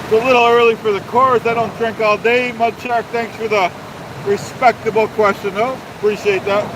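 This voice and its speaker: A high-voiced man livestreams on his phone by a waterfall, ranting and reading chat at a moderate pace with little pitch movement. He's pompous and mock-authoritarian, speaks of himself in the third person, and hammers the same points repeatedly while a faint outdoor hiss runs underneath.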